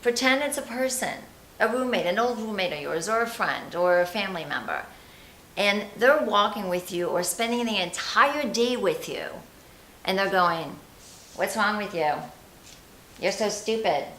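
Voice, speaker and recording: A woman's voice: medium pitch, animated, normal speed, a bit bright, roomy sound, slight background noise, rough recording. A woman coaching on confidence, talking chattily and animatedly straight to the viewer. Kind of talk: motivational vlog talk.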